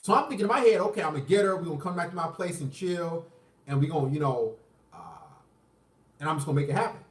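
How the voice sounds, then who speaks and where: Man, high-pitched, profane boastful storyteller, restarts a lot; echoey room, mic set back. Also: fast, recorded from a distance. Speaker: vlogger telling a personal story. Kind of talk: casual storytelling.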